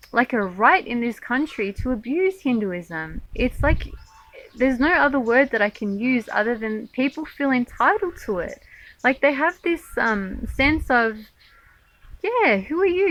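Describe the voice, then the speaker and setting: A woman's voice: fairly high pitch, a bit bright, dull audio. Earnest woman monk telling a story. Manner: earnest, emphatic retelling with many fillers. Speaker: Hindu monk. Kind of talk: personal story vlog.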